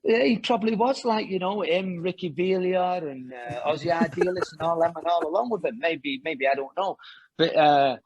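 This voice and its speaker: A man's voice: a little high, moderate pace, highs cut off, a crowd in the background. A man, a former professional footballer, telling rambling anecdotes in a casual interview, full of restarts and fillers.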